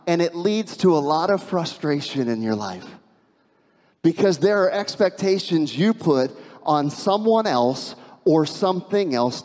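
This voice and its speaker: A man's voice: sits high, a little mellow. A middle-aged man preaching a sermon as pastor, earnest, repeating key phrases and prompting the congregation to respond. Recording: long reverb of a large hall.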